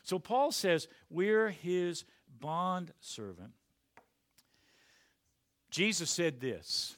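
A male pastor preaching a sermon emphatically, swinging from quiet to loud. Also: a little high, very animated, slow pace, no echo, clean studio sound.

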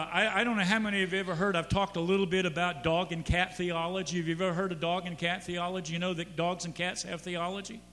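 A male pastor preaches a sermon in a church hall, chatting easily and then building to emphatic peaks. His voice is high and bright. A long reverb trails his words over a faint hum.

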